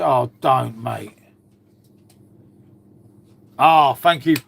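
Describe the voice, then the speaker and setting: A man's voice: fairly high pitch, normal speed, long pauses. A man hosting a casual livestream, chatting to viewers and swearing freely as he talks to his dog. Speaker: livestream host. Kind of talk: casual live chat with viewers.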